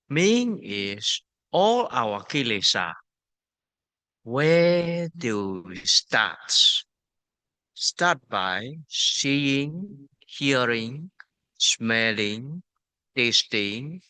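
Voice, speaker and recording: A man from Myanmar, a monk and meditation teacher, giving a dharma talk at a retreat in simple, halting English, repeating words and using Pali terms. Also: mid-range voice, pushed and bright, dry recording.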